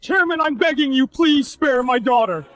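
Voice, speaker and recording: A man's voice: very high-pitched, animated, moderate pace, fairly bright tone, soft background music. An actor playing a desperate father begging for his daughter. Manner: begging, pleading.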